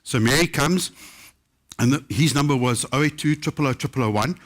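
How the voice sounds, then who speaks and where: A middle-aged chef from South Africa spins funny anecdotes for a festival crowd, his voice sitting at an ordinary middle pitch. He talks in a lively, humorous way and often slips into other people's voices for the quotes. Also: brisk. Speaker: chef telling stories at a book festival. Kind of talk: live anecdotal storytelling to an audience.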